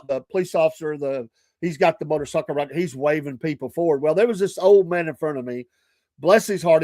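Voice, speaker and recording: A man's voice: high-pitched, no room sound. A middle-aged man, hosting a morning show and telling rambling, chatty stories full of asides and self-corrections. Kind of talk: casual storytelling.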